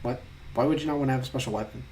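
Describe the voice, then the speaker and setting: A man's voice: mid-range voice, rapid-fire, dark tone, a little hiss or hum. Young man, twenties, casual vlogger, quiz talk-through, mid-range voice, mock-exasperated. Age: 20s. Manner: talks through quiz answers aloud, musing and joking. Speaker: vlogger taking online quizzes. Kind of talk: casual commentary.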